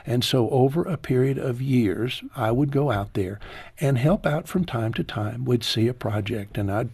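A man in his sixties, a guest in an interview, telling a heartfelt personal story slowly, his voice falling low and soft at painful moments. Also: vocal fry, slightly rough, no room sound.

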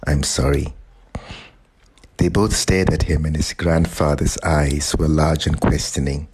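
A man narrating a short story in a calm, measured reading voice. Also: a bass voice, a little hiss or hum, poor audio. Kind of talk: audiobook narration.

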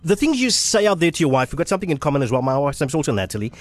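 Lively-voiced South African radio presenter. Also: male voice, fairly high pitch, rapid-fire. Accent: South African English. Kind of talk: radio banter.

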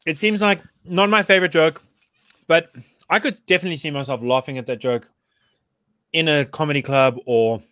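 Rambling, somewhat high-voiced man. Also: steady tone, moderate pace, pauses often, a bit bright, no room sound. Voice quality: rambling, hesitant, lots of restarts. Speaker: podcast co-host. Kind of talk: casual chat.

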